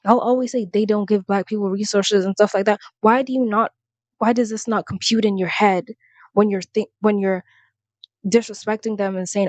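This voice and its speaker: A woman's voice: mid-range voice, steady tone, normal speed, a little mellow, no room sound, lo-fi sound. A young woman giving a heated, sarcastic commentary rant to the camera, exasperated and blunt. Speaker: commentary vlogger.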